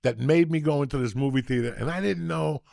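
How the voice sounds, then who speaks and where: Gravelly, profane, excitable male storyteller. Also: a little high, fast talker, no echo, studio quality. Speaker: podcast host. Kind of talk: casual storytelling chat.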